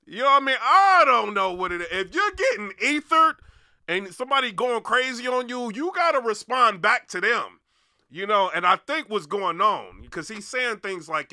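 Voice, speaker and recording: A man, a battle rap blogger, rambling through a casual commentary rant, full of "you know what I mean" and turning loud and heated. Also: sits high, no echo, clean studio sound.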